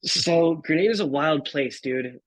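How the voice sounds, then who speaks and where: Guest photographer in his thirties: husky, casual storyteller, lots of dude and bro. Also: fairly high pitch, normal speed, no echo, low-quality recording. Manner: laid-back, swears, says dude and bro.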